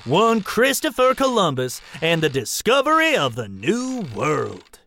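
A man playing a pompous, bumbling old-fashioned gentleman in a comedy sketch, talking in a formal drawl and flustering easily. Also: high-pitched, huge pitch swings, measured pace, creaky, full character voice. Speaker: comic presenter.

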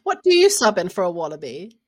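A woman's voice: lowish voice, huge pitch swings, brisk. A woman co-hosting a podcast in casual chat, talking freely with lots of "like" and frequent laughs. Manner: chatty, laughs often, says "like" a lot. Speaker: podcast co-host.

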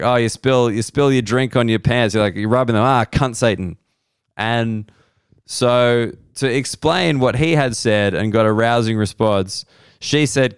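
An Australian man, a comedian hosting a podcast, telling a rambling, profane story in casual chat and jumping between a quick mutter and sudden high bursts. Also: clean tone, no room sound, studio quality. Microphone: close podcast mic.

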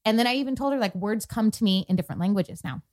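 A woman's voice: mid-range voice, animated, racing, a little mellow. A young adult woman co-hosting a podcast, telling a personal story in casual chat, quoting others with lots of fillers. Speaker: podcast co-host.

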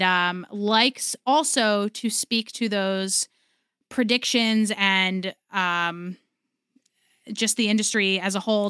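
A woman's voice: medium pitch, a bit bright, clear, resonant tone, no room sound, studio quality. A woman from the United States, a guest on a podcast, talking in an enthusiastic, chatty way. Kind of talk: podcast interview.

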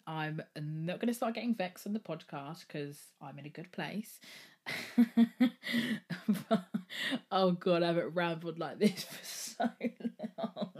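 A woman hosting a solo podcast, talking candidly and rambling, swearing freely as she goes. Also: lowish voice. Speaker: podcast host.

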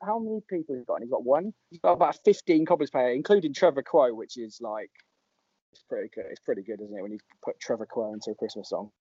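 Chatty, giggly podcast host. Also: male voice, medium pitch, fast talker, mellow, breathy edge, no room sound. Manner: laughing, chatty, reading out listener tweets. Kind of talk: casual chat. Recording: dull lo-fi podcast audio.

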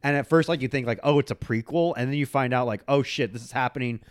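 A man's voice: mid-range voice, fast, no echo. Rambling podcast guy, dry close sound. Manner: rambling, restarts often. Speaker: podcast co-host. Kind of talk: casual chat.

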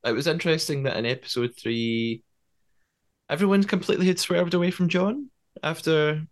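A man's voice: fairly high pitch, moderate pace. A Scottish man co-hosting a podcast in casual chat, laughing easily and restarting his sentences. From Scotland. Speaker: podcast co-host.

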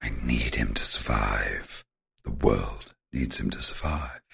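An eerie, otherworldly cat spirit speaks, very deep and rumbling. Each word drags out slowly through thick, grinding gravel. The tone stays edgy and bright despite the depth, breathy and raw. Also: male voice, full character voice. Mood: ominous.

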